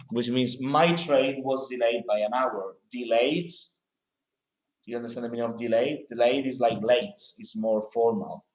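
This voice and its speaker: A man's voice: mid-range voice, echoey room, poor audio. A man teaching English grammar in a classroom, correcting sentences patiently with examples. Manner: patient, explains slowly with examples.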